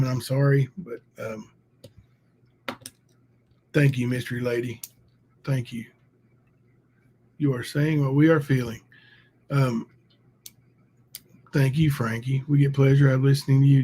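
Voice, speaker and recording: A man's voice: medium pitch, level tone, unhurried, pauses often, dark tone, slight background noise. A man hosting a casual livestream, thanking viewers and ranting heatedly. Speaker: livestream host.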